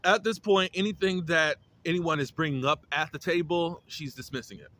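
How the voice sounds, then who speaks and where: A man's voice: on the high side, steady tone, moderate pace, fairly bright tone. A man giving a casual, opinionated recap of a TV episode, with lots of fillers and restarts. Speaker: reality TV reviewer.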